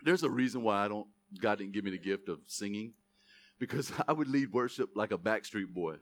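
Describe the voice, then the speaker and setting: A young man preaching a sermon as pastor, swinging between loud, emphatic preaching and self-mocking jokes. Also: fairly low pitch, a little fast, no room sound.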